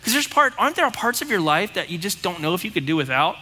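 Bright-voiced man preaching in a hall. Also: high voice, sing-song, quick pace. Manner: blunt, conversational preaching with rhetorical questions. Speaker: pastor. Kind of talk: sermon.

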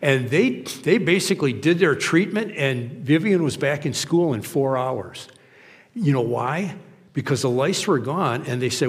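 A man preaches in an easy, conversational way, moving between stories and quoted voices. His pitch sits in an ordinary middle range, and a long reverb trails each phrase through a church sanctuary. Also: lively intonation, measured pace. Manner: conversational and anecdotal, acting out quotes. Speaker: pastor. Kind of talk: sermon.

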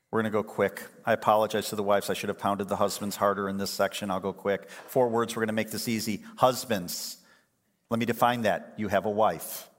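A man in his late fifties or older, preaching a sermon as pastor, mixing humorous stories with earnest exhortation. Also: on the low side. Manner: conversational, humorous storytelling. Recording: long hall reverb.

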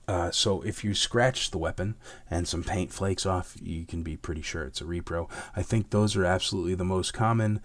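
A hoarse, raspy man with a lowish voice hosts a relaxed chat, reading out viewer questions and answering them. He rambles with plenty of fillers and can turn heated and emphatic. The recording is dry and close, with little room sound. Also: normal speed, no room sound. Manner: rambling, many fillers, gets heated and emphatic about fakes. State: hoarse from illness. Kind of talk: casual chat.

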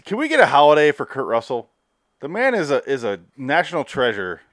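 Animated joking man, dry close sound. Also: on the high side, fairly quick, no echo. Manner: joking, animated, laughs a lot. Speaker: podcast co-host. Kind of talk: casual chat.

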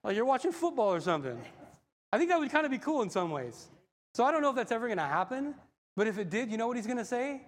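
High-voiced preacher in a reverberant hall. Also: male voice, quick pace. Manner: animated, acts out voices in the story. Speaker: pastor. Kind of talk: sermon.

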